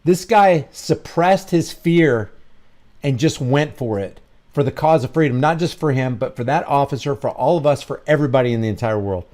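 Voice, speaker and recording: A man giving reaction commentary on a video, excitable and full of restarts and asides. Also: medium pitch, normal speed.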